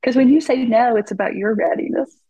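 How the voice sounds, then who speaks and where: A woman, a parent coach and therapist, talking in a lively way as a podcast guest and acting out dialogue from her own stories. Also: on the high side, a little fast, breathy edge, dry recording. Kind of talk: conversational podcast storytelling. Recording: slightly dull, muffled audio.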